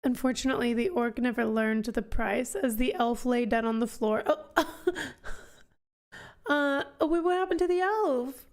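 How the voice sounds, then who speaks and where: A woman's voice: a little high, unhurried. A woman hosting a casual livestream book club, greeting viewers and reading their jokes aloud with frequent giggles. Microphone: streaming mic.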